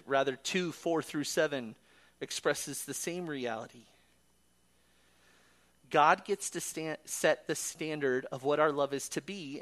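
A man's voice: a little high, a bit bright. A man preaching a sermon in an earnest way, quoting scripture and building to emphatic peaks.

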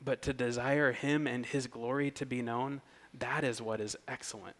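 A man preaching an expository sermon, earnest and emphatic, whose voice rises in pitch and volume when he reads scripture aloud. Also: steady tone, normal speed. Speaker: pastor.

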